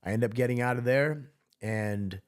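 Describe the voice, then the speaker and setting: A man recounting a past drinking episode as an interview guest, profane and rambling, laughing through dark moments. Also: mid-range voice, normal speed. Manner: profane, rambling, many restarts. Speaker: podcast guest. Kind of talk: casual storytelling interview.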